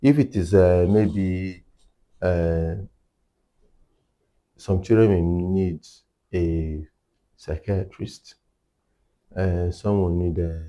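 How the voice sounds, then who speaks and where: Low-voiced man explaining clinical practice. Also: steady tone, very slow, pauses often, warm tone. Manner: explains methodically, repeats key points for emphasis. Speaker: hearing care clinician. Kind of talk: explanatory interview talk.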